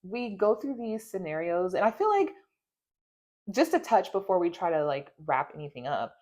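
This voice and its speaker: A woman hosts a casual podcast chat and keeps cheering her guest on with short, emphatic agreements. Her voice is low for a woman, yet it swings widely in pitch. She asks reflective follow-up questions in a relaxed, conversational way. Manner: supportive, chiming in with quick agreements. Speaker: podcast host.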